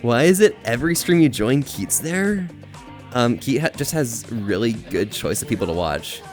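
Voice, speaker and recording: A man's voice: medium pitch, animated, normal speed, soft background music. A young man livestreaming and chatting casually with viewers. He rambles energetically and laughs at himself. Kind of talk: casual live-stream chat.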